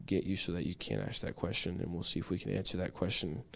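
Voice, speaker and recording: Low-voiced man teaching Bible study. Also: fast, creaky, fairly bright tone. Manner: chatty and self-deprecating, with frequent restarts. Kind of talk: casual church teaching.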